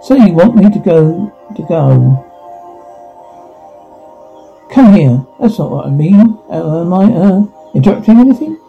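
A man's voice: sits high, big pitch swings, a little slow, gravelly, pauses often, faint music behind. A man reading all parts of a teen drama scene aloud, speaking the sound cues between the lines, on a dull lo-fi recording.

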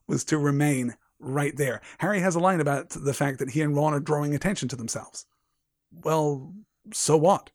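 A man's voice: fairly high pitch, moderate pace, no room sound, studio quality. A man hosting a podcast and giving a reflective, emphatic literary analysis. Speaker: podcast host.

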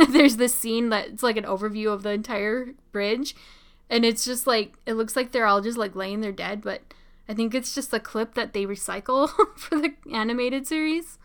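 A young woman casually commenting on a show as she watches, chatty and excitable, often laughing and saying "like". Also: fairly high pitch, normal speed, clear, resonant tone. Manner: chatty, giggly, excitable, many "like" fillers. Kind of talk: casual live reaction commentary.

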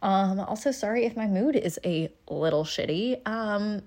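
Woman, podcast host, casual solo chat, frustrated, on the verge of tears, rambling, self-deprecating, iPhone recording, mid-pitched voice. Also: expressive, a little slow, a little mellow. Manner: rambling, self-deprecating, many ums and laughs.

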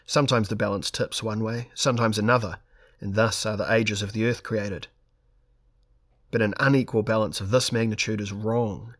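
A man's voice: fairly low pitch, steady tone, moderate pace, a bit bright. A man reading aloud and voicing a nervous but brave male companion with a quavering tone. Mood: earnest. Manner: quavering, earnest.

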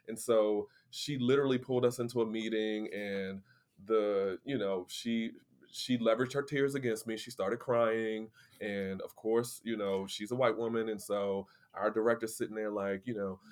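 A man co-hosting a podcast, telling a story in a lively, conversational way and acting out the people he quotes. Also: lowish voice, moderate pace. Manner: animated, acts out quoted people. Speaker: podcast co-host. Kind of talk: casual storytelling chat.

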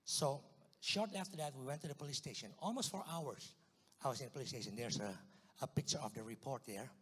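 Husky Indonesian man preaching testimony. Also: mid-range voice, fast, long reverb tail. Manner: storytelling, swings from hushed to loud outbursts. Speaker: guest speaker giving testimony. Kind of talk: sermon testimony.

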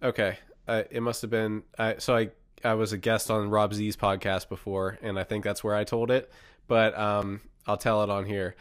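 Young male co-host, remote call, dry and close, animated storyteller acting out the quotes. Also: lowish voice, normal speed, smooth, dry recording. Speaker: podcast co-host. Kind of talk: casual chat, telling a personal ghost story.

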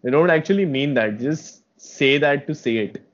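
A young man from India co-hosting a podcast, telling his stories in a relaxed, reflective casual chat. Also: a little high, moderate pace. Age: young adult. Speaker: podcast co-host. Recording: dull lo-fi sound.

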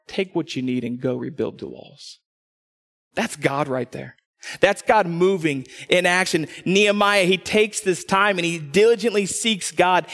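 A middle-aged man preaches to his church, acting out little quoted voices as he tells his stories. His voice sits a bit high, and a long reverb trails his words through the hall. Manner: animated storytelling, acts out quotes. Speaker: pastor. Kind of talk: sermon.

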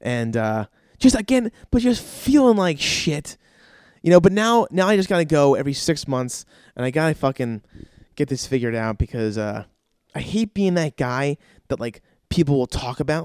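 A man's voice: fairly high pitch, lively intonation, normal speed, a little mellow, clear, resonant tone, no room sound, clean studio sound. A man hosting a podcast, telling a story in a profane, rambling, exasperated way. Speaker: podcast host. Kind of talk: casual comedic storytelling monologue.

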